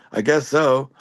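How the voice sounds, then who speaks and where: A man's voice: medium pitch, husky, no room sound, studio quality. Rambling man in casual podcast chat. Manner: rambling, heavy use of "like" fillers; wry, joking. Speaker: podcast panelist living with epilepsy.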